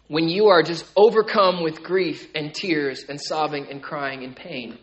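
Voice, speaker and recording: A man preaching a sermon in a conversational way, with many "right?" tags, moving between loud emphatic stretches and quiet, low asides. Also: fairly even intonation, measured pace, hardly any pauses, rough recording. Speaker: pastor.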